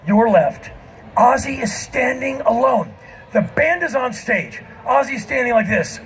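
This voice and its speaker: Male live storyteller on a festival stage; high, animated, shouts the punchlines. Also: slight background noise. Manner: animated, self-mocking, often shouting. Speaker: spoken-word performer.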